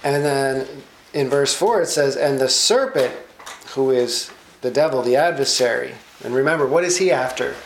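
A man's voice: mid-range voice, moderate pace, a little hiss or hum. A man leading a sermon-style Bible study, emphatic and quizzing his listeners with questions, in an echoey room. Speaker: Bible teacher.

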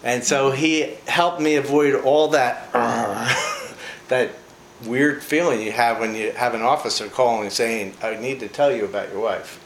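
An older preacher gives an informal devotional talk, his medium-pitched voice unhurried. He tells personal stories in a folksy, chatty way, laughing often and using lots of fillers, recorded in an echoey room with faint ambient noise.

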